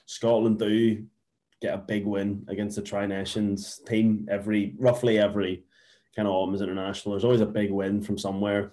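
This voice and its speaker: Easygoing male co-host, relaxed rugby banter, low warm tone. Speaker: podcast co-host. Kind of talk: casual rugby chat.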